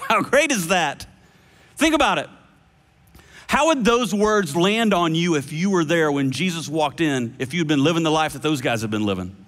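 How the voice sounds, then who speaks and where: Male pastor, high voice, earnest dramatic sermon delivery, long church-hall reverb. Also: animated. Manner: earnest preaching with dramatic pauses, dropping soft for quoted words. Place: church auditorium.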